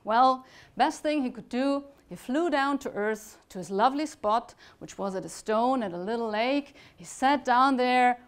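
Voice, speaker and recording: A woman telling a fairytale to a conference audience at an unhurried pace. Her voice sits on the high side and swings from lively to a near-whisper for effect. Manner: expressive, dropping to a whisper for effect. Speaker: lecturer telling a story. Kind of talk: storytelling to an audience. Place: conference talk.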